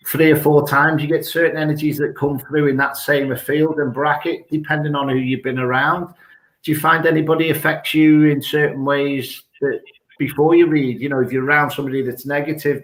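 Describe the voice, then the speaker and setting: A man's voice: fairly high pitch, fairly bright tone. A British man hosting an interview, asking long, rambling questions with frequent restarts. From United Kingdom. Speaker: host. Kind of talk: casual interview chat. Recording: roomy echo.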